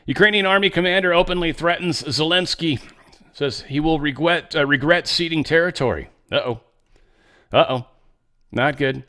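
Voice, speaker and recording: A man's voice: fairly high pitch, a little fast, sharp tone. A man hosting a casual political commentary monologue, blunt and rambling, often stammering and repeating words. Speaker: host.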